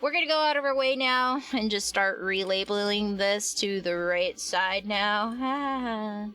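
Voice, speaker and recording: A woman's voice: medium pitch, unhurried, bright, forceful tone, clear, resonant tone, faint music behind. A young adult woman chatting casually on a live stream while she works, rambling with lots of fillers and restarts and answering her chat.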